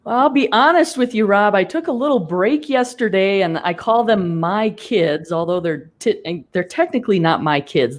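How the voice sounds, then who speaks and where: A woman co-hosting a podcast who chats in a friendly, joking way. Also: lowish voice. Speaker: podcast co-host. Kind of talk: casual chat.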